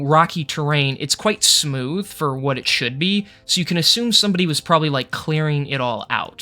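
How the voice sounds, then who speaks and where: A man narrating as game master for a tabletop game, in a casual, halting way with fillers and some swearing. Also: fairly high pitch, pushed and bright.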